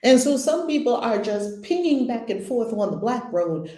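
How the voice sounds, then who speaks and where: A woman spiritual teacher leading a daily lesson, repeating affirmations with slow emphasis on each word. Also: fairly high pitch, sing-song, mellow, echoey room.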